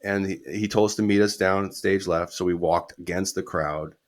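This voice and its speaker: A man's voice: deep voice, fairly even intonation, moderate pace. A middle-aged man, a guest musician, telling a casual anecdote with quoted dialogue and the odd swear word.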